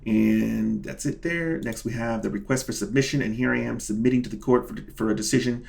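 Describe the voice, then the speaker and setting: A vlog host who is representing himself in court lays out his filings briskly, his medium-pitched voice gravelly and a little mellow. Casual but indignant and emphatic, he repeats key words for stress and addresses the audience as "guys."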